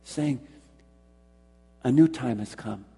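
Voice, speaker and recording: Preaching slowly, this pastor has a mellow, husky voice a touch above typical pitch. The sermon echoes with long hall reverb as he repeats words for emphasis and puts questions straight to his listeners.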